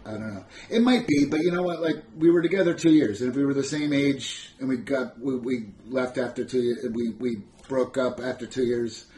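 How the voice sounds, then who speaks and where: A man's voice: mid-range voice, a little fast, hardly any pauses, warm tone, slight background noise. A young adult man hosting a casual live-stream Q&A, reading chat questions aloud and answering them bluntly with sarcasm and swearing. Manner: sardonic, blunt, swears freely.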